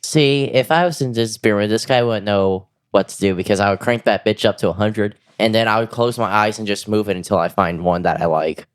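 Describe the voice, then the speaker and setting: A man's voice: on the low side, brisk, few pauses, clear, resonant tone. A man co-hosting a podcast, joking crudely and swearing freely in casual banter. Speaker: podcast co-host.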